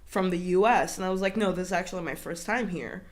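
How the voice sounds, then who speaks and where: A young woman from Iran co-hosting a podcast, with an accent that mixes British and American English, telling animated stories and swearing freely. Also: fairly low pitch, fast talker. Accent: mix of British and American English. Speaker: podcast co-host. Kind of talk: casual chat.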